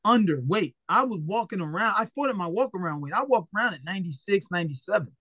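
A man with a notably high speaking voice, recorded close and dry with no room sound. He tells his stories as an interview guest in a blunt, animated way, full of profanity, and slips into the voices of the people he quotes. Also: fast talker, dry recording. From Philadelphia, USA. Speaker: retired boxer, interview guest. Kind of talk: casual storytelling interview.

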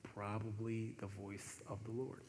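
A man preaching a sermon, animated and conversational, often dropping to softer tones for emphasis. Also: on the low side, measured pace. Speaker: pastor. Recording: echoey hall with faint noise.

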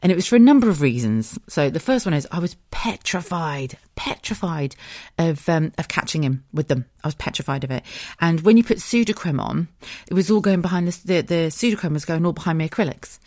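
A woman's voice: deep voice, expressive, brisk, darkish tone, dry recording, clean studio sound. A woman hosting a podcast in casual solo chat, candid and laughing often, swearing freely. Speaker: podcast host.

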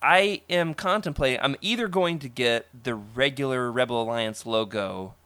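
Excitable man chatting on a podcast. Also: medium pitch, moderate pace, dry recording. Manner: enthusiastic, animated, laughs often. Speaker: podcast host. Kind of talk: casual podcast chat.

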